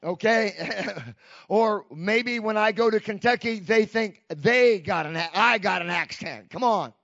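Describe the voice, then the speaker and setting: A man preaching a fervent sermon as pastor, calling out "come on" to the church and swinging between shouts and hushed lines. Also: high-pitched, unhurried, creaky, dry recording. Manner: fervent preaching with repeated "come on" call-outs. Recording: dull lo-fi, dry sound.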